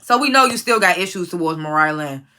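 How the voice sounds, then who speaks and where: Blunt, bright-voiced woman reviewing reality TV. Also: on the low side, animated, fairly quick. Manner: blunt, profane, opinionated; talks straight to the people she reviews. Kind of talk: casual recap commentary.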